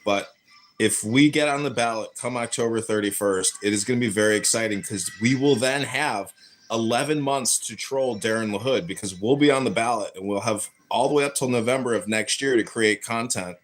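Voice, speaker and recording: A man's voice: mid-range voice, fairly quick, slight background noise. An American man hosting a live audio chat as a political candidate, talking in a brash, profane, ranting way. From United States. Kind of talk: heated casual chat.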